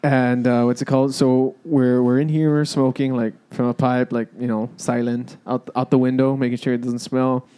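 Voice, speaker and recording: Rambling young man with a mellow voice. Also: mid-range voice, level tone, normal speed, hardly any pauses, clean tone. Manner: rambling, cursing, hesitant restarts. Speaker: storyteller. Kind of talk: casual storytelling among friends.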